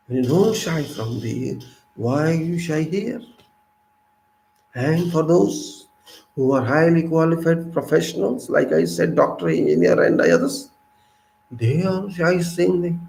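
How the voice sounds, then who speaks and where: A man in his fifties speaks with an Indian English accent in a fairly high, gravelly voice. He delivers an impassioned, preachy monologue, firing rhetorical questions and swinging between loud and soft. The sound carries the echo of a roomy space. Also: sing-song, unhurried. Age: 50s. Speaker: civic commentator.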